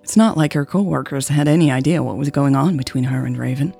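A woman reading a serialized romance story aloud in a gentle, even storytelling manner. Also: very deep voice, fast talker, vocal fry, breathy edge, soft background music. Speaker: podcast narrator. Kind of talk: scripted narration of a romance story.

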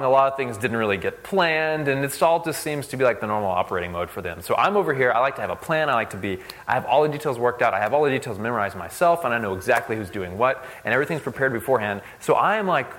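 A young man giving a casual, conversational sermon. He uses lots of "like" and tells stories in an animated way. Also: medium pitch, fast talker, few pauses. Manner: conversational, fillers like "like", animated storytelling. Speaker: speaker at a church service.

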